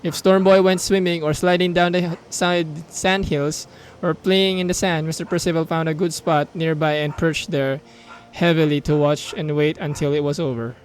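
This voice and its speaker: A man's voice: a little high, moderate pace, a little hiss or hum. A young man with a Filipino accent playing a mobile game, reading its story text aloud and cheering. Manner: excitable, reads on-screen story text aloud, mixes in Tagalog asides. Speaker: gaming YouTuber.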